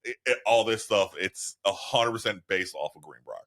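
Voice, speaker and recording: A man's voice: on the low side, lively intonation, moderate pace, fairly bright tone. A man co-hosting a podcast, talking in a rambling, casual way with a lot of swearing and laughter. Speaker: podcast co-host. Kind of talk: casual profane chat.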